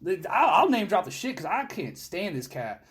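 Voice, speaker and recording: A young man hosting a podcast, telling war stories in casual chat, animated and full of cursing. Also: high-pitched, normal speed. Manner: animated, profane storytelling. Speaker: podcast host.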